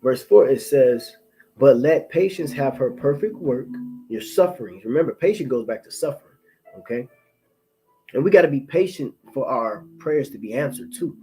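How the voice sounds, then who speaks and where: A man giving an informal spoken testimony, profane and rambling, repeating words and restarting, reading scripture aloud more slowly. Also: mid-range voice, animated, warm tone, soft background music, low-quality recording.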